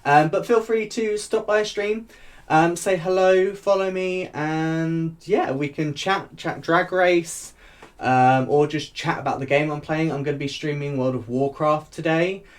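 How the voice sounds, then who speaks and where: A man's voice: a little high, unhurried. Rambling, chatty man. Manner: rambling, chatty, laughs often. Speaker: YouTube reviewer. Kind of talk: casual chat.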